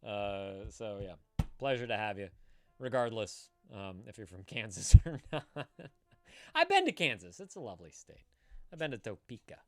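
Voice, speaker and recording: A man's voice: lowish voice, normal speed, faint music behind. A man hosting a live stream, joking around and swearing freely in casual chat. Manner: animated, swearing freely, jokey. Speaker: stream host.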